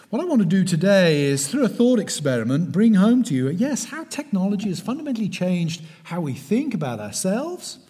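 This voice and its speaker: In a sermon-style lecture, a middle-aged man with a West Country English accent speaks in a measured, emphatic way and quiets to a hush on key words. His voice is on the high side.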